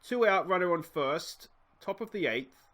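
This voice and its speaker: A man's voice: high-pitched, animated, a little slow, pushed and bright. An Australian man hosting a let's play, giving casual game commentary with chatty, wry asides to the players.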